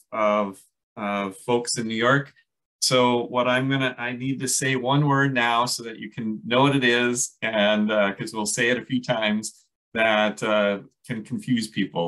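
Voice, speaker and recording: A man with a Minnesota accent teaching a casual class on native plants, chatty and halting, with many fillers and restarts. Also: medium pitch, little pitch movement, a bit bright, rough recording. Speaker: landscape ecologist teaching a class.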